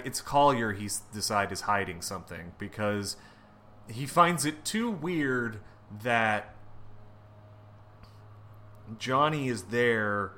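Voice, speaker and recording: A man's voice: lowish voice, pushed and bright, a little hiss or hum. A man co-hosting a podcast, recapping a comic book in casual, profane chat full of fillers and restarts. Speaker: podcast co-host.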